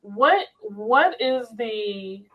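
A woman's voice: on the high side, lively intonation, drawn-out words, highs cut off, over a noisy crowd. A woman co-hosting a casual talk show, playfully exasperated with her co-hosts' teasing. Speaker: co-host. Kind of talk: casual chat.

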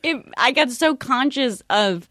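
A woman's voice: sits high, lively intonation, measured pace, bright, forceful tone, no room sound. A woman on a comedy podcast, her voice swinging widely up and down as she laughs through a story. She sounds close and dry on the mic. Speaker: comedian guest. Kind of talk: casual podcast chat.

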